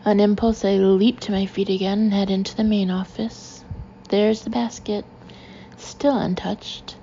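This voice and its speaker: A woman narrating a first-person novel in an expressive, animated way. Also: medium pitch, a little slow, highs cut off, slight background noise. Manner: expressive, acting out the narrator's indignation. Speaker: audiobook narrator.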